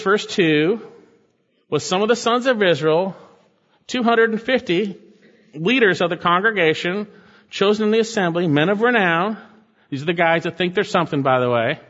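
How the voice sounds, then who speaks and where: A man's voice: high voice, a bit bright. A male pastor preaching a sermon, reading scripture aloud and breaking off to comment and exhort his congregation. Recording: muffled sound in a reverberant hall.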